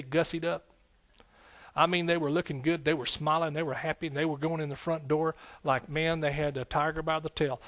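Folksy, fiery man preaching a sermon. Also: fairly high pitch. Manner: folksy, energetic preaching with repeated phrases and calls of "amen". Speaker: pastor and Bible teacher.

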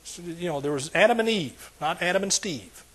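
A man preaching a sermon to a congregation, asking them questions and building to loud exclamations. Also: high-pitched, lively intonation, moderate pace, husky. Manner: preaching with call-and-response, rising to shouts. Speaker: pastor.

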